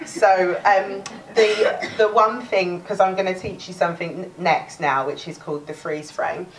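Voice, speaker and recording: A woman's voice: fairly low pitch, fairly even intonation, unhurried, distant mic, crowd noise, low-quality recording. A woman with a Cockney accent teaching a live workshop, chatty, restarting words and laughing often. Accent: London Cockney. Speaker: workshop presenter.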